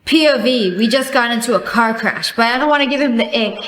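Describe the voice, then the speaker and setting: A woman's voice: fairly high pitch, fairly bright tone. Chatty woman reacting in a roomy space. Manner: chatty, laughing, exaggerated disgust. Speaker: reaction video host. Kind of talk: casual commentary. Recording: roomy echo.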